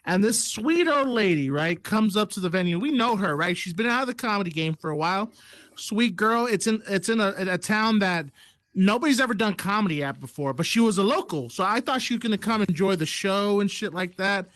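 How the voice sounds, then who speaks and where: High-voiced, laid-back male comedian. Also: lively intonation, a little fast, fairly bright tone, no echo. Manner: laid-back, profane, says "bro". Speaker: stand-up comedian, podcast co-host. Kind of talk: casual chat.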